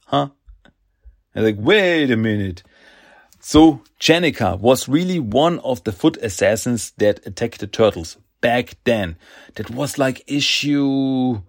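A man hosting a podcast, casually recapping a comic book in a slow, halting way with lots of fillers. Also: mid-range voice. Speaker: podcast host.

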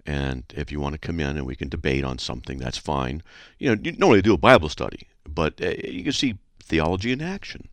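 A middle-aged man with a very low voice hosting talk radio. His delivery swings widely in pitch, chatty and playful, and the sound is close and dry. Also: animated, brisk, no echo. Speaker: radio show host.

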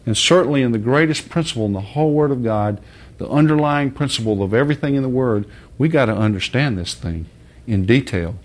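A man preaching an informal sermon in a blunt, folksy way with mild swearing, dropping low and soft, then rising to high, loud shouts. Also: lively intonation, a little fast.

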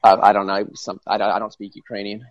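A man telling a story in casual chat, halting and amused as he goes. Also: fairly low pitch, monotone, lo-fi sound. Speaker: podcast panelist.

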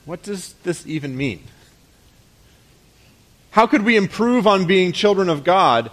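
Male pastor, casual preaching tone, slightly higher-pitched voice, rhetorical questions. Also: expressive, unhurried. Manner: conversational preaching with rhetorical questions and soft drops at phrase ends. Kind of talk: sermon.

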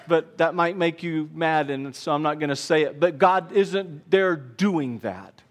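A man preaching a sermon as pastor, earnest, dropping quiet and then rising to emphatic repeated lines. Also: fairly high pitch, animated, moderate pace, hardly any pauses.

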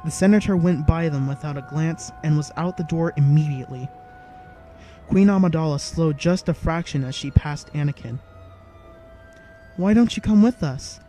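A man reading a story aloud in an even, measured narration style. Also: on the high side, soft background music. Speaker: audiobook narrator. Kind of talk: scripted narration.

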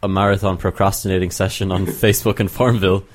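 Brief: young man, low voice, quick rambling delivery, student radio co-host. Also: level tone. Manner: rambling storyteller, quick to joke. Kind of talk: casual banter.

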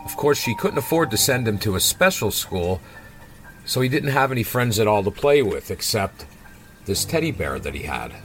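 A low-voiced man retells a comic story panel by panel. He talks loosely and casually, with many fillers along the way. Music plays behind his voice. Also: very animated, normal speed, rough recording.

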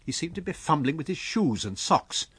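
A man reading a novel aloud as an audiobook narrator with expressive storytelling. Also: a little high, moderate pace, breathy edge. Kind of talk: scripted narration.

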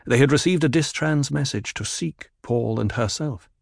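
A man narrating a novel in a calm, measured voice. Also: medium pitch, gravelly, no room sound, clean studio sound. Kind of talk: audiobook narration.

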